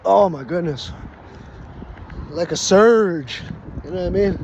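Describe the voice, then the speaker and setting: A man's voice: sits high, unhurried. A young man telling a loose, rambling party story full of cursing and casual asides. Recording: muffled lo-fi audio with loud background noise.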